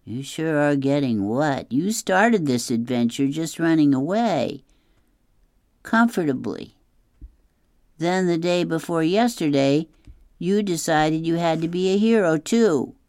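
A woman's voice: low-pitched, animated, unhurried, a little mellow, no room sound, studio quality, voice pushed up. A woman voicing a practical young boy with a matter-of-fact, teasing way of talking.

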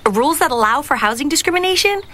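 A woman's voice: sits high, lively intonation, fast, bright, forceful tone, a little hiss or hum. An actress playing a young woman renter who firmly argues her case in a public service ad. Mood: determined. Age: young adult. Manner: firm, persistent, reasoned.

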